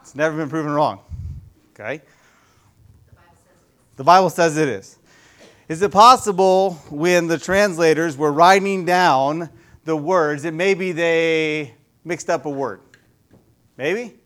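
A youth pastor giving a casual, conversational sermon in a church, often putting questions to the audience. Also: male voice, on the high side, slow pace, pauses often, a bit bright.

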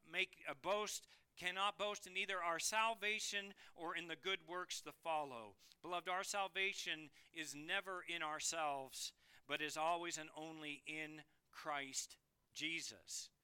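A man preaching a sermon earnestly, swinging between emphatic declarations and hushed, quiet phrases. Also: on the high side, steady tone, a little slow, clean tone.

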